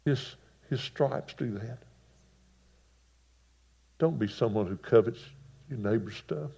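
A man preaching a sermon, folksy and emphatic, moving between hushed passages and loud bursts. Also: mid-range voice, slow pace, husky. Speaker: pastor. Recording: dull lo-fi sound.

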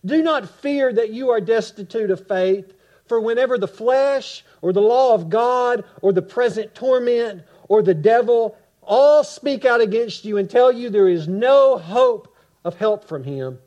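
A man preaching a sermon with passion, rising to loud cries and dropping to hushed quiet. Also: very high voice, expressive, measured pace, highs cut off.

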